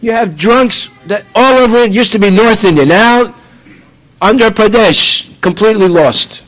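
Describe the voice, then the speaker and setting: A man's voice: high voice, unhurried, a bit bright, poor audio. A man from the United States preaching a sermon, emphatic and full of rhetorical questions.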